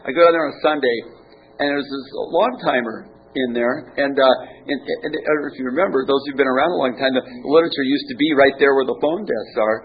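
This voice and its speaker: A man's voice: medium pitch, fairly quick. A man telling his recovery story at a meeting in a rambling, self-mocking way, with false starts and chuckles. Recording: muffled, faint hiss.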